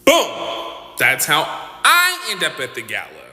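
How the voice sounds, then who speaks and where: Speaking unhurriedly in a fairly high voice, this man animatedly retells a dramatic story as casual commentary, performing the quotes of the people involved. There's faint noise and a lot of echo from the room.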